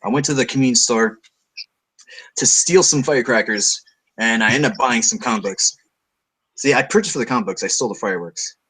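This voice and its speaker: A man from Canada chatting casually about comics, blunt and animated. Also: mid-range voice, brisk, long pauses, husky. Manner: animated, swearing, blunt opinions. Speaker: co-host. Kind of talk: casual chat.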